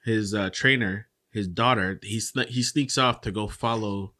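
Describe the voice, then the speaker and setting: A man co-hosting a casual podcast, recapping a story with lots of profanity and animated delivery. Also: fairly low pitch, measured pace. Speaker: podcast co-host. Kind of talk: casual chat.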